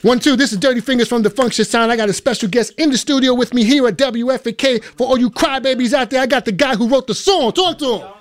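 A man's voice: extremely high pitch, fast, few pauses, slight background noise. A man working as a radio DJ and producer, coaching a guest through station drops in a studio with teasing, hype-man energy. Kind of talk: studio session directing a guest.

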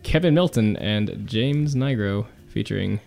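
A man's voice: lowish voice, animated, a little slow, vocal fry, a little mellow, faint music behind. A young man co-hosting a college radio show, making wry remarks in casual chat. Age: young adult.

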